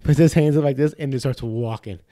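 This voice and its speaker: A young man co-hosting a podcast, telling a story in casual, profane chat and acting out the people in it with high voices. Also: brisk, no echo, clean studio sound. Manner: animated storyteller, acts out quotes in high voices, swears a lot. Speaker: podcast co-host.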